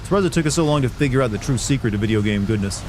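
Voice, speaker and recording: A man's voice: mid-range voice, lively intonation, very fast, a little mellow, slight background noise. A man streaming a video game, giving sarcastic, rambling casual commentary. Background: game sounds.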